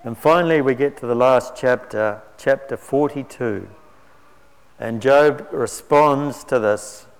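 Slow, earnest male preacher in a reverberant hall. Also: medium pitch, creaky, clear, resonant tone. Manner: measured, earnest, emphatic rises on key words. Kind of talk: sermon.

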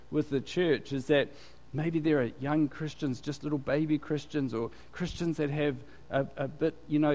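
Chatty preacher in a reverberant hall. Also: male voice, a little high, a little mellow. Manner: chatty, quizzes the congregation. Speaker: pastor. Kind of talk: conversational sermon. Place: church.

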